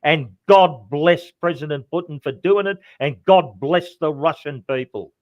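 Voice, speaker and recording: Australian male guest, emphatic and repetitive, fairly high voice, dry recording. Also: unhurried, no echo, dull audio. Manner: emphatic, repeats phrases, calls others mate. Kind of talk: impassioned political talk.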